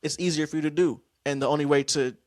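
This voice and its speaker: A young man hosting a podcast, casually telling stories about acting class, slangy and animated. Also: fairly high pitch, quick pace, dry recording, clean studio sound. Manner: animated, acts out scene lines, slangy. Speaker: podcast host.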